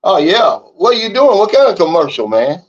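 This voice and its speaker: A man's voice: high-pitched, big pitch swings, moderate pace, highs cut off. A man hosting a livestream, reading the chat and ranting in a blunt, fired-up way. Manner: fired-up, blunt, repeats "Big Dog" and "okay?". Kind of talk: casual livestream talk. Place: living in the Philippines.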